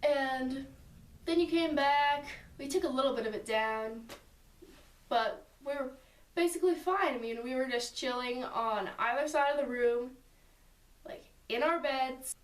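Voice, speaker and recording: A high-pitched woman chats through a story in a loose, rambling way, stringing thoughts together with little asides. Her voice sits back from the mic and rings around a roomy space. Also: unhurried, far from the mic. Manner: chatty, rambling with many "like" and "and so" asides. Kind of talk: casual storytelling to a friend. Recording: roomy sound from away from the mic.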